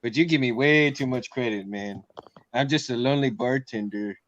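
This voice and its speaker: A man's voice: mid-range voice, normal speed, muffled recording. A man chatting casually on a livestream, laid-back and joking.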